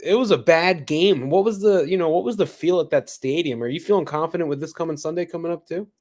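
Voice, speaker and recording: A man's voice: on the high side, quick pace, darkish tone. A young man co-hosting a sports podcast, talking loosely with lots of fillers and tossing questions to his co-host. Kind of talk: casual sports chat.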